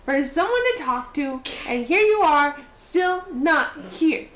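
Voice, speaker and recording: A woman's voice: high-pitched, animated, reverberant, noisy background, voice pushed up. A woman reading as a lonely, plaintive ten-year-old girl. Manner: plaintive, sulky, drawn-out.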